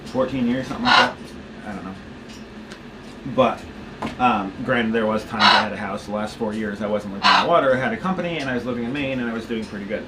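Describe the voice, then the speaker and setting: In his thirties and from the United States, this vlogger rambles through a casual update, often restarting and talking to his pet as he walks around his home filming on a handheld camera with a gimbal. His voice is fairly low and fast, and the recording is very noisy.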